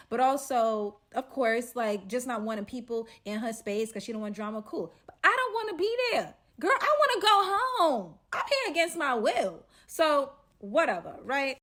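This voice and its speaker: A woman telling a casual storytime, animated and quoting people in lively bursts. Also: a little high.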